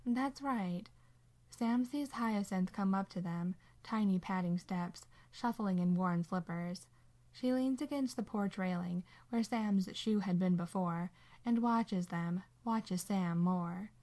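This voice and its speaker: A woman narrating a story as an audiobook, calm and measured. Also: mid-range voice. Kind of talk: audiobook reading of fan fiction.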